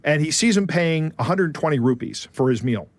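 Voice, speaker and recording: A man's voice: a little high, expressive, moderate pace, no echo. A man co-hosting a podcast, casually retelling a story he read, with frequent asides to his co-host.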